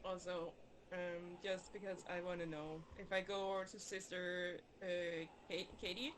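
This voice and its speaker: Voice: mid-range voice, flat delivery, a little slow, a bit bright, slight background noise. A player in a tabletop game asking questions hesitantly, with fillers and restarts.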